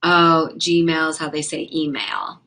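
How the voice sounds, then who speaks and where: A woman's voice: low voice, bright, forceful tone. A young woman hosting a livestream, chatting casually and frankly with viewers and reacting to their comments. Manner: chatty, quick, frank and profane, reacts to chat. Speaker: livestream host and comedian.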